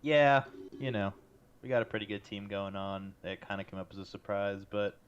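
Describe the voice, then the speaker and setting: A man's voice: fairly low pitch, normal speed, smooth. A man playing a tabletop game, talking casually in a blunt, joking way, recorded on a dull lo-fi mic. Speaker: player. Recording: dull lo-fi mic with faint hiss.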